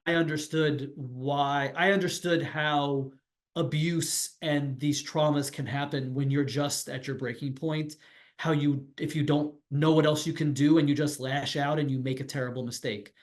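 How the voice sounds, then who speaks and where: A middle-aged man on a video call, telling his own story candidly and reflectively, often restarting his sentences. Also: on the high side. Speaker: pediatrician and webinar panelist. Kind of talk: personal account on a professional webinar.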